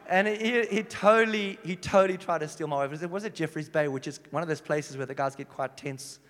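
A man preaching a sermon, his voice sitting a little high for a man and ringing out with a long reverb tail in a church hall. He tells his stories with animation, dropping to a hush and then bursting out loud. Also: a little fast. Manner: animated storytelling, swinging from hushed to loud. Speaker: pastor.

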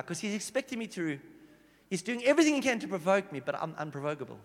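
A man preaching a sermon, his voice sitting a little high for a man and ringing out with a long reverb tail in a church hall. He tells his stories with animation, dropping to a hush and then bursting out loud. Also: fast talker. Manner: animated storytelling, swinging from hushed to loud. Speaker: pastor.

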